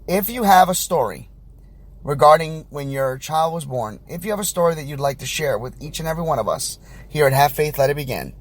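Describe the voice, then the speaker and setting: A man with a somewhat high voice tells a story on a casual podcast. He talks loosely, full of "um," "uh" and restarts, and acts out what the people in his story said. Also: expressive, a little fast. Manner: chatty, rambling storyteller with many fillers and restarts. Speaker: podcast host and new father.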